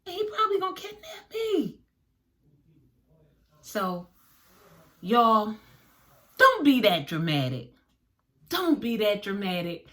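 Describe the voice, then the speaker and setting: Bright-voiced woman, aave, dramatic storytime vlog, acts out all the dialogue. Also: sits high. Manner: animated, dramatic retelling with quoted dialogue. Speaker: storyteller vlogger. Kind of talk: casual storytelling to viewers.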